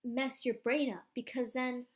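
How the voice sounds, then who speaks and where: A young woman vlogging at home into a camera, hyped up and rambling, with many "like" fillers. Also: a little high. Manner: excitable, rambling, fast-talking with many "like" fillers. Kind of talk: hyped-up casual vlog.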